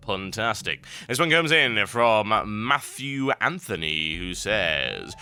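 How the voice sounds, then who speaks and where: A man hosts a gaming news show and rants emphatically about what readers send in. His voice is piercingly bright, and his pitch jumps all over the place. Soft music plays faintly behind him. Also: big pitch swings, unhurried. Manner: emphatic, ranting. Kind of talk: commentary on reader submissions.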